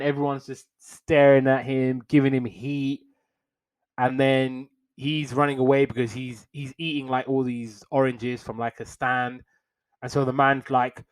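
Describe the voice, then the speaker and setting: A young man with a middle-pitched voice retells a cartoon episode in a loose, conversational recap. He drops wry, slangy asides and slips briefly into quick put-on voices for the characters he quotes. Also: level tone, rough recording. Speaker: podcast host reviewing old cartoons.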